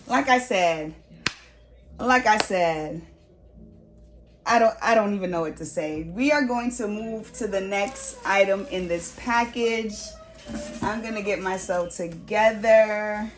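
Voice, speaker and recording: A woman's voice: medium pitch, takes it slowly. A woman gushing through a gift unboxing at home, exclaiming and repeating herself. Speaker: vlogger. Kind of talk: unboxing vlog.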